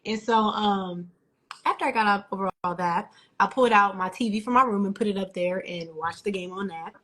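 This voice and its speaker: A young adult woman co-hosting a podcast, telling an animated story in casual chat full of slang and acted-out quotes. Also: mid-range voice, a little fast. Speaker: podcast co-host.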